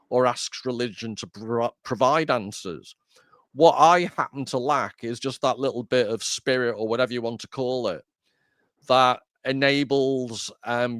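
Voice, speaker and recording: A man's voice: medium pitch, fairly bright tone, dry recording, clean studio sound. A man hosting a casual discussion, chatty and self-deprecating, often rambling. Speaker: host.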